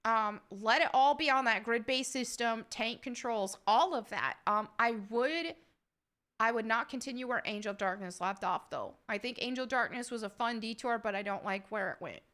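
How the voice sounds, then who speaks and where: In a fairly high, fairly bright voice with lively intonation and a moderate pace, a woman from upstate New York with a slight Southern American accent answers questions from her channel members. The YouTuber reads them aloud in a casual chat, laughing frequently.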